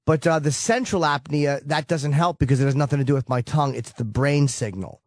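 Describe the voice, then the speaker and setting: A man's voice: fairly high pitch, fairly quick, a little mellow, no echo, clean studio sound. A tired, cranky man hosting a call-in show, talking bluntly and cursing a lot as he rants, with a New York accent. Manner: blunt, profane, ranting. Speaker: host.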